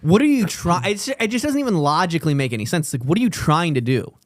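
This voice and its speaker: Animated young man telling stories. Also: a little high, fast, no echo, studio quality. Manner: animated storytelling, swearing, laughing often. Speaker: podcast co-host. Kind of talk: casual chat.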